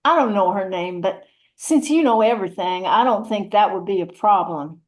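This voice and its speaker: A woman's voice: medium pitch, normal speed, lightly acted. A woman voicing a chatty, churchgoing rural mama, rambling in a folksy, motherly way. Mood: earnest prayer. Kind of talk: one-woman audio play reading.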